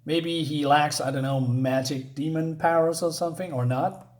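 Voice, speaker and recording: A man's voice: fairly high pitch, fairly even intonation, normal speed. Rambling, hesitant man reviewing a comic. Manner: rambling, hesitant, many fillers and restarts.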